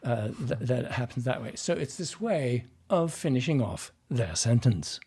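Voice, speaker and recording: Man, dialect coach type, dark husky tone, explanatory, demonstrates voices mid-sentence. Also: mid-range voice, animated. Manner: explanatory, breaks into quick vocal demonstrations. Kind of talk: podcast guest interview.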